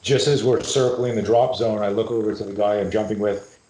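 Middle-aged Canadian-raised guest, lowish voice, animated, swearing storyteller, echoey room. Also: male voice, a little fast. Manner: animated, profane, acts out voices in his anecdotes. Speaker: podcast guest, self-defense and fear expert. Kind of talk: storytelling in a podcast conversation.

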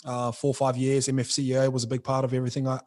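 A man's voice: medium pitch, completely flat delivery, very fast, a little mellow. A young man, a brand founder talking frankly and casually as a podcast guest, full of slang. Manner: slangy, frank, says bro and like often.

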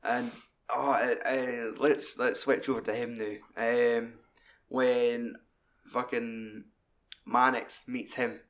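A man co-hosting a laid-back film chat. He talks in loose, rambling stretches and swears freely. His voice sits at an ordinary, mid-range pitch. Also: little pitch movement, slow pace. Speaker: podcast co-host. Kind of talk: casual film discussion chat.

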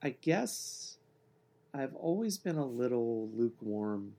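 A man co-hosting a sports podcast in casual chat, with a relaxed, joking, deadpan way of talking. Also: medium pitch, slow pace. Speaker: podcast co-host.

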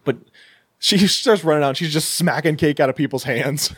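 A man's voice: on the high side, moderate pace, breathy edge, dry recording, studio quality. A man co-hosting a casual podcast, retelling a horror movie plot with laughs. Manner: storytelling recap, laughing. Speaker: podcast co-host. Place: same room as co-host, dry recording.

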